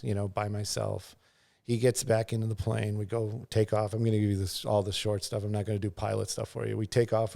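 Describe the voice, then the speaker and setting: His voice is fairly low, gravelly and mellow. A middle-aged news pilot on as a guest, he rambles casually through a story, restarting often, leaning on fillers, and acting out quotes and sounds.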